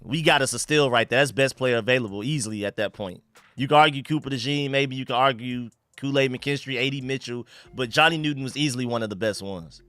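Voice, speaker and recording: A young man from the United States hosting a live stream, chatting casually and shouting out viewers and donations. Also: medium pitch, quick pace, no echo. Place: home room.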